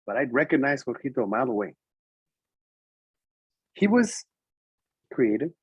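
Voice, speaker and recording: A man, a preschool teacher, telling a classroom story to educators in an animated way, switching between English and Spanish. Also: mid-range voice, moderate pace, breathy edge, no echo, low-quality recording. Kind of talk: storytelling presentation.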